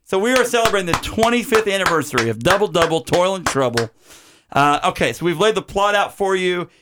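A man's voice: high voice, animated, brisk, very noisy. A man hosting a comedy podcast about bad movies, chatting casually and rambling through credits with jokes and many fillers. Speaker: podcast host. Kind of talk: casual chat.

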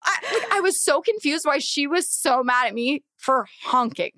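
A young woman hosting a podcast, telling a story in casual chat, animated and swearing, acting out quotes loudly. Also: high-pitched, moderate pace, no room sound. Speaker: podcast host.

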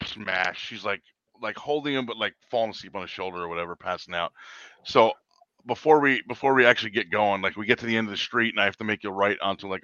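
Male driver retelling a wild ride, rambling, bright and dry, slightly dull lo-fi sound. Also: lowish voice, dry recording. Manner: rambling, repeats words and quotes people. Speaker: rideshare driver telling a story. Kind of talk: casual storytelling chat.

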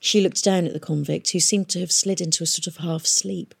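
Woman, audiobook narration, measured, husky, low voice. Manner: steady, measured storytelling. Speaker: audiobook reader.

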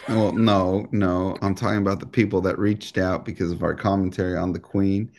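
Low-voiced profane male podcast co-host. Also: level tone, moderate pace, a little mellow. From United States. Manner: profane, joking, rambling. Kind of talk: casual podcast banter.

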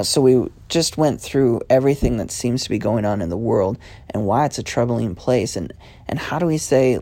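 A man's voice: mid-range voice, mellow, no room sound. A man hosting his own podcast, giving a casual devotional talk in an earnest, conversational way. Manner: earnest, conversational, with quick runs of questions. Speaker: podcast host.

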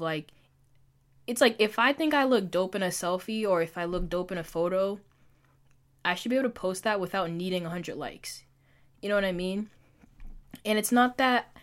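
A young woman vlogging in a casual, confessional chat, talking loosely, filling with "like" and poking fun at herself. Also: mid-range voice. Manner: chatty, fills with "like", self-mocking.

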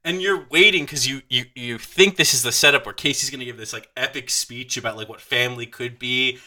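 A man co-hosting a casual podcast chat, animated and profane, joking with his friends. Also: mid-range voice, fairly quick. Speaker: podcast co-host.

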